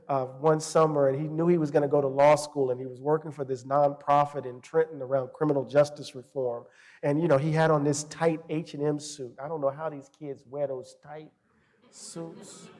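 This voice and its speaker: Middle-aged male guest, passionate storyteller, voice a touch high, long hall reverb. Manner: passionate storyteller, animated and reflective. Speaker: guest scholar. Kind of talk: interview conversation.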